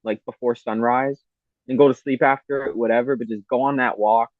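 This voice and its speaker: A man's voice: medium pitch, steady tone, normal speed, no echo. Man talking spirituality over a tinny line. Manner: earnest, rambling, peppered with "you know" and "man". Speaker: podcast guest. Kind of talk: spiritual talk in casual interview.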